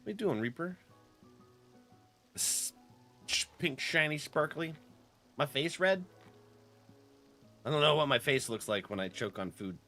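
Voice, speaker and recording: A man chatting casually with viewers while streaming a game, laughing often and clearing his throat. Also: on the high side, animated, measured pace, pauses often, pushed and bright, faint music behind. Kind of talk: casual live-stream chat.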